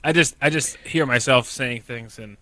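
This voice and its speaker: A young man with a Michigan accent, co-hosting a casual podcast and rambling through his points with many halting restarts. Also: mid-range voice, bright, forceful tone, no echo. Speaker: podcast co-host. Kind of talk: casual chat.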